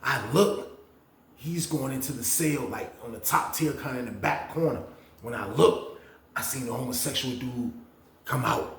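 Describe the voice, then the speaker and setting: A man casually telling a story on his channel, slangy and animated, acting out what others said with big jumps in his voice. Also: normal speed, reverberant. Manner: animated, slangy, acts out others' lines with big pitch swings.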